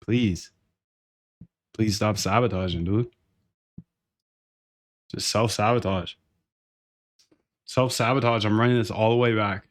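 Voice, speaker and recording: A young man ranting casually on a livestream, excitable and profane, often calling listeners bro and dude. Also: fairly low pitch, a little slow, pauses often. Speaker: trading streamer.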